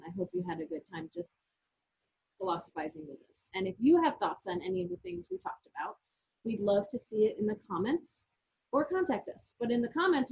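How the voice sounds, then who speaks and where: A woman's voice: high-pitched, vocal fry, a little mellow. A woman, co-hosting a casual knitting chat from her yarn shop and explaining techniques step by step. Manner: chatty, explains step by step with restarts. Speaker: yarn shop owner and co-host. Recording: muffled lo-fi audio.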